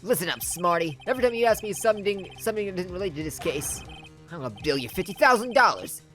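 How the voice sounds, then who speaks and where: A woman's voice: fairly low pitch, animated, quick pace, faint music behind. A woman voicing a hot-tempered male loan-shark boss, using a bad Brooklyn accent and barking threats. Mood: menacing. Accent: Brooklyn, put on badly. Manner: gruff, shouting threats.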